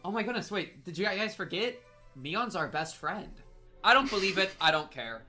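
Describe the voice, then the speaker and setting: A man ranting in a meme video with faint music behind him. His voice is bright and slightly high, and his exasperated commentary keeps building. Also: lively intonation, moderate pace.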